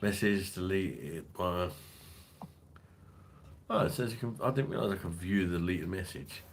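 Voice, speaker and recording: Brief: low-pitched male streamer, loose and profane, chatty rambling delivery. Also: moderate pace, a little hiss or hum. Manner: swears freely, rambling, laughs often. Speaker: beer review channel host. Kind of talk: casual livestream chat reading viewer comments.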